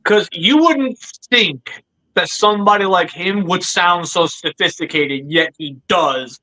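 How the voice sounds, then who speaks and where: A man hosting a livestream podcast in casual chat, animated and joking, calling his guests by nicknames. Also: sits high, a little slow, rough recording. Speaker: podcast host.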